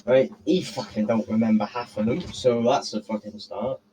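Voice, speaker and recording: A man's voice: mid-range voice, moderate pace, warm tone, low-quality recording. A teenage boy telling a rambling, profane story on a casual podcast, tagging his sentences with "right?". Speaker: podcast co-host.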